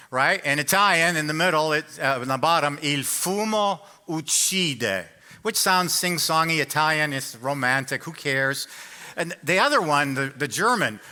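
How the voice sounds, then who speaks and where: A male pastor delivers a sermon in a church with a very bright, forceful voice. He speaks in a fairly high register and tells stories conversationally, teasing his listeners. The delivery stays loose and chatty rather than formal. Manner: conversational storytelling, jokes with the congregation. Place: church sanctuary.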